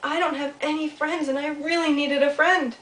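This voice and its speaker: A woman voicing a small, lonely young male beaver in a storybook reading, with a high, eager manner. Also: fairly even intonation, normal speed, fairly bright tone. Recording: echoey room, mic far off.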